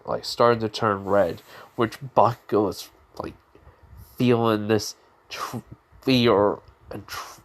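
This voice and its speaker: A young man retelling a fan story in a rambling, off-the-cuff way, full of fillers and restarts. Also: fairly low pitch. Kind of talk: casual improvised storytelling. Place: home room.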